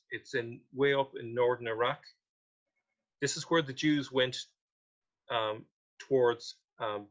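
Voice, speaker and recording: A man's voice: mid-range voice, a bit bright. Man explaining history over dull audio. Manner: reads quotations aloud, then questions them.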